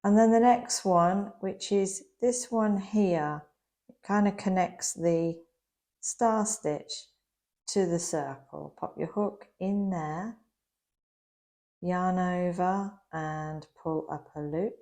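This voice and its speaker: A woman with a lowish, warm voice patiently teaches crochet step by step at a slow pace. Her voice sounds slightly worn, as if she is losing it a bit.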